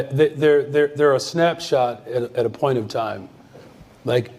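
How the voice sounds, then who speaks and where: A man in politics answering a reporter, halting and repeating words before turning emphatic. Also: medium pitch, warm tone. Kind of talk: answering an interview question.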